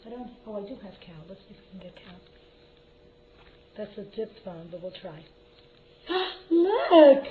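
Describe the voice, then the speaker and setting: A woman at home slowly and encouragingly coaching a child through word practice, with lots of repetitive prompting. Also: mid-range voice, background noise. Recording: dull lo-fi home video.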